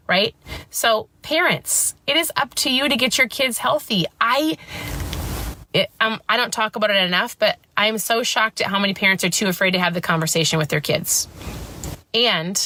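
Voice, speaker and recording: Emphatic woman ranting to camera, bright voice. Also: medium pitch, animated, moderate pace. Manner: emphatic, ranting, repeats "guess what". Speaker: host. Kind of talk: casual direct-to-camera talk.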